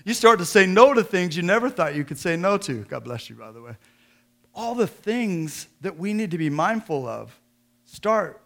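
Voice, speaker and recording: A middle-aged man preaching a sermon in church, swinging between joking folksy asides and loud, emphatic scripture reading. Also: on the high side. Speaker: pastor.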